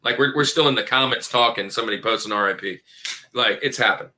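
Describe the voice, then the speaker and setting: A young man with a bright, forceful tone, talking in a casual podcast chat. He is animated and friendly, addressing his co-hosts as dude and bro. His pitch sits in the middle. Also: fast. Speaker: podcast co-host.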